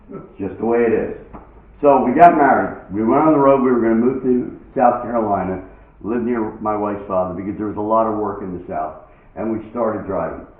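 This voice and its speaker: A man doing live stand-up, telling stories in a chatty, punchy way and acting out the scenes. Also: medium pitch. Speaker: stand-up comedian. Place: live venue with an audience. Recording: echoey venue, distant phone-like mic.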